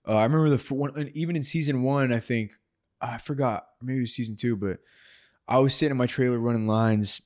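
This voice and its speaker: Male podcast host, easygoing, laughs a lot, loose slangy speech, mid pitch. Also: quick pace, a little mellow. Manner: laughs often, slangy, says bro and dude. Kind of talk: casual chat.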